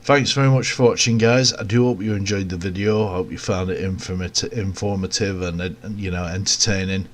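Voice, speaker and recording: Low-voiced man rambling through gameplay. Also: brisk, hardly any pauses, a little hiss or hum. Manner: rambling, relaxed, self-mocking asides. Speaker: gameplay commentator. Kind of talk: casual gameplay commentary.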